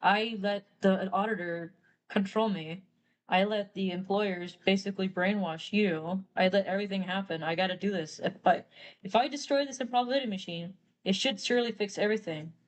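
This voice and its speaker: A woman's voice: mid-range voice, a little fast, natural voice, low-quality recording. A woman voicing a remorseful man, a troubled father, in a casual pleading, apologetic tone while retelling a story.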